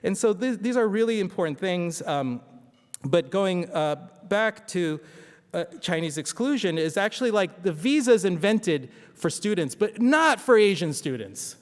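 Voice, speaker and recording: A man's voice: high voice, very animated, measured pace. A man giving a conversational history lecture at a symposium, often asking the audience rhetorical questions. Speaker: symposium speaker. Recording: long hall reverb.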